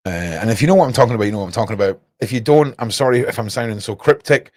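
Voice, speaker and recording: A man's voice: mid-range voice, very fast, dry recording. A young man hosting a livestream, rambling casually and talking straight to his chat viewers. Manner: rambling, cryptic, chats to viewers. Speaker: livestream host.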